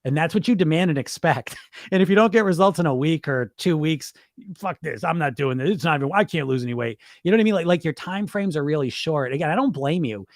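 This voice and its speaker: A middle-aged man hosting a weight-loss podcast, talking bluntly and with swearing in an animated, unscripted monologue, laughing often and repeating his words. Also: on the high side, quick pace, no room sound, studio quality.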